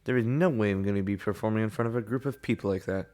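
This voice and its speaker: A man's voice: fairly low pitch, racing, darkish tone, natural voice. Man doing a short-tempered young girl, snappy and sulky. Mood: indignant. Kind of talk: voicing a visual novel.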